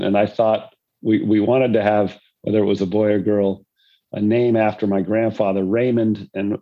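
A man's voice: on the low side, mellow, highs cut off. An older man, a former pro golfer, telling rambling anecdotes about fatherhood in a conversation. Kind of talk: storytelling in a conversation.

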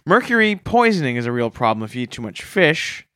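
A man's voice: medium pitch, big pitch swings, fairly quick, a bit bright, no echo, clean studio sound. A Canadian man co-hosting a comedy podcast, chatty and steering the conversation with prompts. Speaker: podcast co-host. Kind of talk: casual comedic chat.

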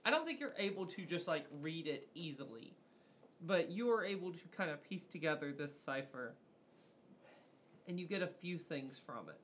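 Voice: mid-range voice, normal speed, a little hiss or hum. Laid-back tabletop game master. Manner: relaxed, casual, with frequent fillers and laughs.

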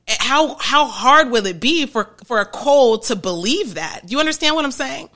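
Woman podcast host, bright voice, super chatty, keeps going "okay? right?" and laughing between points. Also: high voice, animated, normal speed, few pauses. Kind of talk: casual explanatory podcast talk.

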